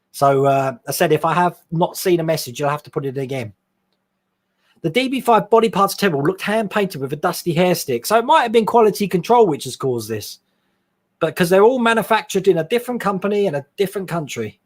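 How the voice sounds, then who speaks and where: A man with a fairly high voice hosts a live stream, chatting casually about his hobby. He reads viewer questions off the screen and answers them in a loose, friendly ramble, laughing often. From England. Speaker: host of a scale modelling live stream.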